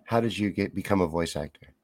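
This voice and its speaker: Low-voiced man, relaxed host. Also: fast talker, no echo. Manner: relaxed, curious questions. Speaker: show host. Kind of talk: casual interview.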